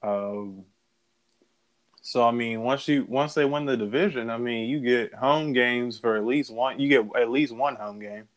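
A man's voice: medium pitch, measured pace. A man co-hosting a casual talk recording, talking loosely with slang and laughing often. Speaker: podcast co-host. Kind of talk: casual chat.

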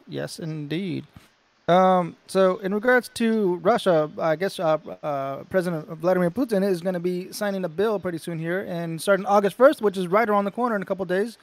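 Casual podcast host, man, raspy fry in the voice, dry close sound. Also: sits high, moderate pace, dry recording. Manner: jokey, put-on accent in the opening.

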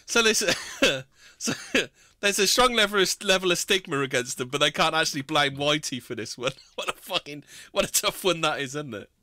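Brief: male podcast host, very bright and crisp tone, dry close sound, sarcastic, keeps breaking into laughter. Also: fairly high pitch, expressive, normal speed, no echo. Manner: sarcastic, laughs often, swears a lot. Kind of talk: casual chat, reading news aloud.

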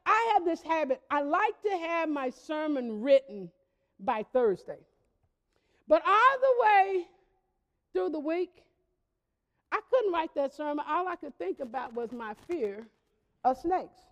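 A woman pastor preaching a sermon, telling stories in a conversational, lively way. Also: sits high, a little slow, pauses often, long reverb tail. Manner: conversational storytelling with lively emphasis.

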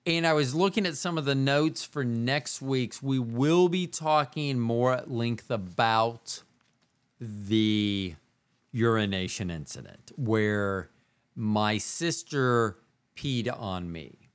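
A man's voice: medium pitch, slow pace, clear, resonant tone. A man hosting his own podcast alone, talking in a rambling, self-mocking way and drifting from one aside to the next. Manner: rambling, self-mocking, jumps between voices. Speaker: podcast host. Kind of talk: casual solo podcast monologue.

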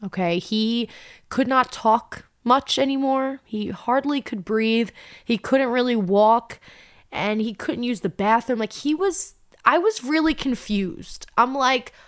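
A young adult woman with a slightly high voice recounts a personal story. She speaks with raw, intense emotion. Her voice climbs higher when she gets upset. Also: takes it slowly.

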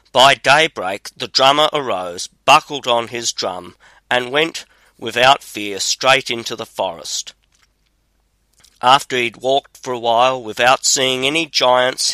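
A man calmly reading a fairy tale aloud as narrator. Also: mid-range voice, no echo, poor audio. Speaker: storyteller.

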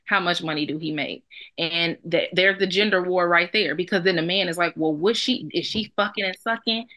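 A woman's voice: on the low side, moderate pace, pushed and bright. A young adult woman co-hosting a podcast, talking bluntly and emphatically with plenty of profanity. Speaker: podcast co-host. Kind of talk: casual podcast chat.

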